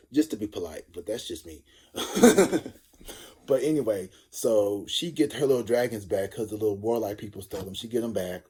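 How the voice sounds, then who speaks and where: A man's voice: fairly low pitch, warm tone, slightly rough. A man giving a casual tarot reading, rambling and cursing as he jokes through a story. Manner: rambling, profane, joking storyteller. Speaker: tarot reader.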